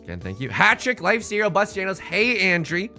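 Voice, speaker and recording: A man's voice: high voice, brisk, creaky, faint music behind. A man streaming a game live, commenting casually with jokes and rambling asides. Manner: joking, animated, rambling asides.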